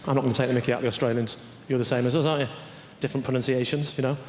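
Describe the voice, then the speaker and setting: A man doing stand-up, telling a story that builds to shouting, and teasing the audience. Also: medium pitch, fairly even intonation, racing. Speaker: stand-up comedian. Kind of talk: stand-up comedy. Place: large theatre stage, live audience. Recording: echoey theatre with loud crowd noise.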